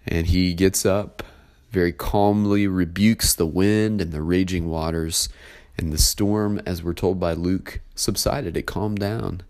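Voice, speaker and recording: A man with a very low voice delivers a sermon, first reading scripture aloud and then unpacking it. His explanations sound unhurried and conversational, with plenty of pauses and filler words. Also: steady tone, darkish tone. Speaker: pastor.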